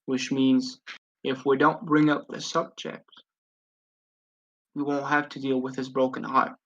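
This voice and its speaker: A man's voice: medium pitch, little pitch movement, measured pace, fairly bright tone, muffled recording. A man playing a tabletop role-playing game, bantering in character with playful swearing and stumbling restarts. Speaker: tabletop player.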